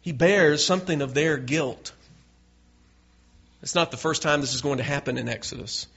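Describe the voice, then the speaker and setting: A man's voice: on the high side, moderate pace, creaky, fairly bright tone, husky. A male pastor preaching a sermon in an earnest way, building to emphatic peaks. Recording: dull lo-fi recording.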